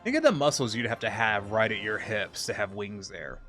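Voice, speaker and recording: Casual male streamer, irreverent and sweary, bright tone, lively pitch. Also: normal speed, soft background music. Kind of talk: casual gameplay commentary with voiced dialogue.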